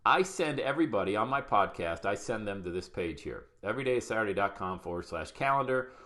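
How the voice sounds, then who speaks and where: A man's voice: lowish voice, expressive, a little fast, a bit bright. A middle-aged man teaching podcasting on a live stream, upbeat and chatty, greeting viewers by name. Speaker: podcast coach.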